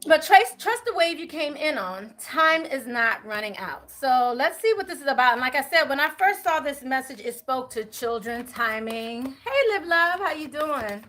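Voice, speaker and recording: Chatty lady doing a live tarot reading, talks to her viewers, high and bright. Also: expressive. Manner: frequent fillers, quick apologies. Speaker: tarot reader.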